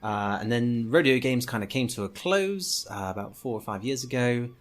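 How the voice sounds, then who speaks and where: Male interview guest, medium pitch, relaxed and self-deprecating, lots of "uh" and "um". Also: moderate pace. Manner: easygoing, self-deprecating, fillers. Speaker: game developer guest. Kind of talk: casual interview chat.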